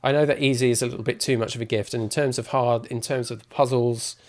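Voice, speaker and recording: A man's voice: medium pitch, steady tone, quick pace, darkish tone. A man giving casual, rambling gameplay commentary as a streamer, with self-mocking asides. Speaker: game streamer.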